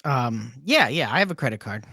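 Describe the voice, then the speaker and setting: Sarcastic male puppet pundit played by a man; bright, edgy voice, close and dry. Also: medium pitch, big pitch swings, a little fast, slightly rough, no room sound, exaggerated voice. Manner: sarcastic, opinionated. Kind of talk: political commentary banter.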